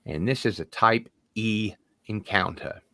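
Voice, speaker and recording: A man hosting a paranormal podcast, reading an account aloud in a steady storytelling way before chatting with his guest. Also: on the low side, unhurried, gravelly, dry recording. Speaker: podcast host. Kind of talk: reading an account aloud, then interview chat.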